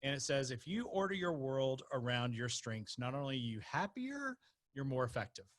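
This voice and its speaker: A man from North Carolina talks as a podcast guest, spinning a personal story in a lively way. His voice is bright and clear, pitched in the middle range, and he often laughs as he goes. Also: moderate pace. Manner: animated, laughs while telling stories. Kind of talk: conversational storytelling.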